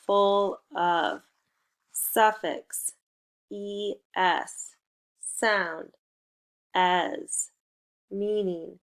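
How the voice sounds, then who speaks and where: A woman with a low, gravelly voice teaches a recorded phonics lesson to young children. She keeps her pitch fairly flat and steady as she spells out letters slowly. She leads the class in a playful call-and-response.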